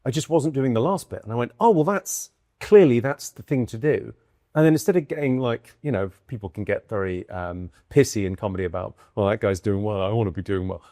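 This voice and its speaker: A man from the UK, a comedian and guest, telling stories in lively conversation and acting out what people said. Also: on the low side, no room sound, studio quality. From United Kingdom. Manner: quick, lively storytelling with acted-out quotes and bursts of laughter. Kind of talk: animated conversational storytelling.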